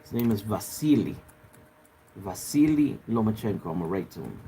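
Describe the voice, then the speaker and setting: On a live stream, a man whose voice is on the low side and warm in tone speaks at a moderate pace with lively intonation, with slight background noise. He rambles casually to his viewers in chat, keeping it loose and profane with lots of filler.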